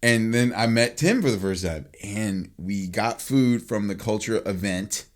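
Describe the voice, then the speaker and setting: A man's voice: lowish voice, a little slow. A young man co-hosting a podcast, telling a rambling story with swearing and bursts of laughter. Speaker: podcast co-host. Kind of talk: casual storytelling chat.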